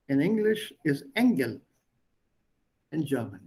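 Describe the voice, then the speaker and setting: A man teaching a language lesson online, explaining word pairs patiently with pauses. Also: fairly high pitch, lively intonation, darkish tone, husky, low-quality recording.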